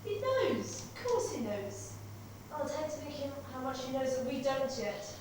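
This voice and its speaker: A woman's voice: high-pitched, sing-song, moderate pace, far from the mic. A woman rehearsing a stage play, playing an upset young daughter who pleads and accuses emphatically. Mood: accusing. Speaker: amateur stage actor. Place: rehearsal hall. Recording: echoey hall recorded from afar, noisy.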